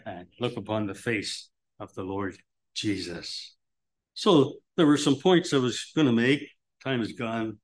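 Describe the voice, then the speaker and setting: A man preaching a sermon, rambling with asides and restarts, who rises sharply when quoting scripture and drops low and soft between quotes.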